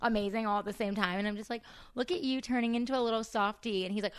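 A woman as a podcast guest, chatting casually and acting out quotes in animated stories. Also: on the high side, fast talker, clear, resonant tone, dry recording, studio quality. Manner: animated storyteller, acts out quotes. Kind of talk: casual chat.

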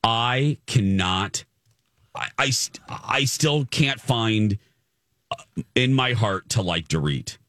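A man's voice: slow pace, no echo, studio quality. A man hosting a casual chat about TV, teasing his co-hosts in a playful manner. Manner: animated, playful teasing, jumps high in pitch. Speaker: show host.

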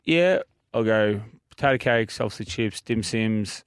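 A man's voice: fairly low pitch, animated, measured pace, clear, resonant tone, no room sound, clean studio sound. A young Australian man chatting casually, rambling and joking with lots of fillers. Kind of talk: casual chat.

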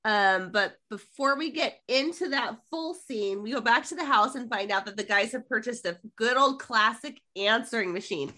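A middle-aged woman co-hosts a casual podcast, walking through an episode scene by scene. Her voice sits a little high and rings bright. She slips into the characters' lines as she retells them. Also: moderate pace, few pauses. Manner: animated storytelling, quotes lines from the show. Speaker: podcast co-host. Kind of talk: casual episode recap chat.

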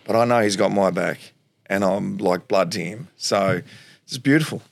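An Australian man in his forties from Tasmania, a former footballer telling animated stories in an interview, laughing often and acting out what people said. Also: lowish voice, normal speed, gravelly, no echo. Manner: animated storyteller, acts out quotes, laughs often. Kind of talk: storytelling interview.

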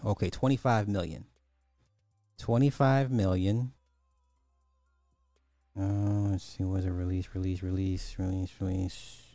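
A man's voice: low-pitched, steady tone, unhurried, pauses often, mellow, no echo, soft background music. A man hosting a podcast, giving casual, sarcastic commentary and thinking aloud as he looks up numbers. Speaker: podcast host.

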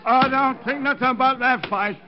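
A high-voiced boastful boxer. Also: male voice, noisy background. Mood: tough. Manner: tough-guy slang, slow on the uptake. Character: dim-witted boastful boxer, adult man. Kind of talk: 1950s radio drama acting. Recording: dull lo-fi old radio recording.

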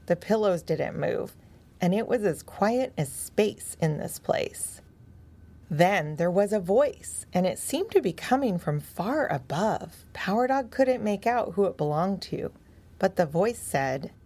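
A woman storyteller reading a children's story aloud in a gentle, expressive way. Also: medium pitch, unhurried.

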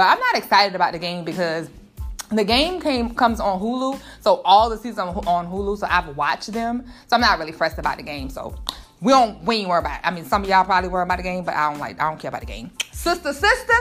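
A woman hosting a casual solo podcast, talking in an animated way with laughing asides and emphatic repetition. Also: mid-range voice. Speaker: podcast host.

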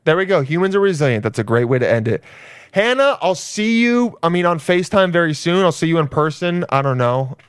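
A male podcast host talks in loose, rambling casual chat, swearing freely. His voice is smooth and clear. The recording is close and dry, with no room sound. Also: a little high, lively intonation, fast, hardly any pauses, no echo.

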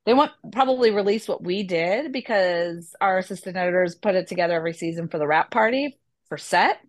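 A woman's voice: on the low side, brisk, dry recording. A woman, an editor, recalling a set mishap in a casual interview and searching for her words.

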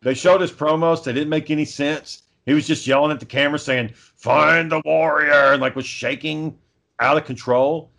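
A man's voice: a little high, fairly even intonation, fairly quick, a bit bright. A man in casual podcast chat, telling a long story with plenty of swearing, fillers and restarts. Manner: rambling profane storytelling with many fillers.

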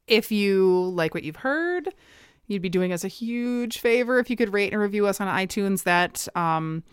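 A woman co-hosting a podcast in casual chat, earnest and halting, restarting with fillers. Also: mid-range voice, lively intonation, smooth, no room sound, studio quality. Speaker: podcast co-host.

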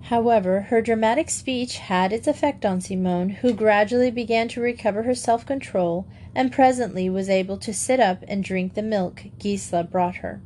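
A woman narrating a storybook in a clear, even manner. Her voice sits in a middle register. She reads at a steady storytelling pace. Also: mid-range voice, normal speed, few pauses, slight background noise. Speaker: audiobook narrator. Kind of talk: storybook reading.

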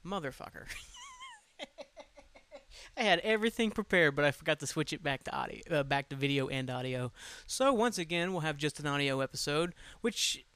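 A man hosting his own podcast from home, chatting casually in a rambling, excitable way, swearing freely and sounding tired. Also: on the high side, brisk, smooth. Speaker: podcast host. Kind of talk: casual solo podcast chat.

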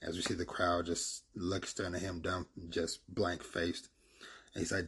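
A man's voice: deep voice, little pitch movement, normal speed, a bit bright, slightly rough. A man casually retelling a comic's plot in a rambling, filler-heavy way.

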